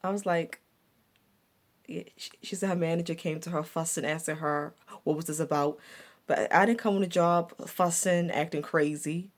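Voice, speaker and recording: A woman's voice: low voice, fairly even intonation, moderate pace. A woman vlogger telling a personal story from her past in a reflective, repetitive way, with stumbling restarts. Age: adult looking back on her younger years.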